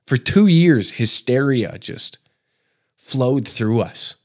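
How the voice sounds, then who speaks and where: A man from Canada holds forth alone on his comedy podcast, speaking at an ordinary, mid-range pitch. He rambles and stumbles through restarts, laying on sarcasm and swearing freely as he builds each rant. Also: expressive, takes it slowly, darkish tone. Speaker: podcast host.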